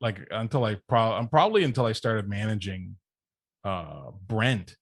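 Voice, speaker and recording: A man, a podcast guest, casually telling an anecdote, animated and often laughing as he goes. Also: fairly low pitch, normal speed, no room sound. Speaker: podcast guest, wrestling manager. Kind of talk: casual storytelling chat.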